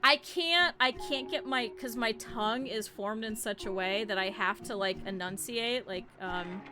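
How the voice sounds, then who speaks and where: A woman streamer telling stories to her chat in a casual way. She is animated, laughs often and swears casually. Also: fairly high pitch, a little slow. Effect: cartoon avatar streamer, talking over game music.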